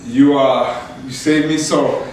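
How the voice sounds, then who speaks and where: A young man, a podcast host, telling a story casually and with much laughter, his voice leaping high when excited. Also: slow pace. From Canada. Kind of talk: casual storytelling among co-hosts. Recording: echoey room, distant mic, faint noise.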